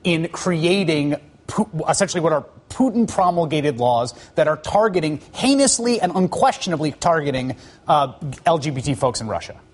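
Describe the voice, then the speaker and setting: Casting: male cable news anchor, husky and a bit high, pressing questions, restarts. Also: animated, moderate pace. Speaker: TV news host.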